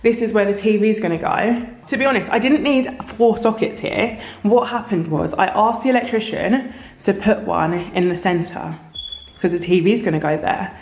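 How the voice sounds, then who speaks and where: A woman chats through her renovation update, rambling and frank, her voice slightly croaky from being tired. The sound bounces around a bare, echoey room, with a faint hiss underneath. Her pitch sits in an ordinary middle range. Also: normal speed, darkish tone. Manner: chatty, rambling, frank about frustrations. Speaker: home renovation vlogger. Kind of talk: casual vlog chat. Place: empty house under renovation.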